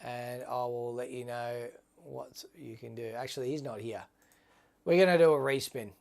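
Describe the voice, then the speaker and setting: A man's voice: mid-range voice, steady tone, normal speed, vocal fry, darkish tone. A man hosting a casual livestream giveaway, talking to viewers in a chatty, upbeat way and calling them mate. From Australia. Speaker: livestream host.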